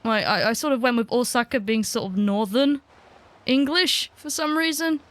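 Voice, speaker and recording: A woman giving casual, chatty let's-play commentary, self-deprecating and quick to giggle. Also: a little high, a bit bright, dry recording. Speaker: gaming video creator.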